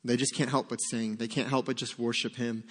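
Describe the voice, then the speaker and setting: Man, pastor, sermon, earnest and halting, echoing sanctuary. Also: medium pitch, level tone. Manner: heartfelt, halting, many fillers. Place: church sanctuary.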